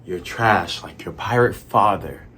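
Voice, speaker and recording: Man doing a hushed scornful butler. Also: husky, heavily acted. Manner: low, hushed and slow. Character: cold scheming male butler, prim and scornful.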